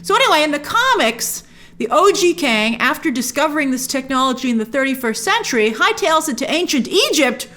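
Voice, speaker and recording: Excitable woman hosting a film breakdown. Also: a little fast. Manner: excitable, gushing with sudden high exclamations. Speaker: film review host. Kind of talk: casual film breakdown to camera.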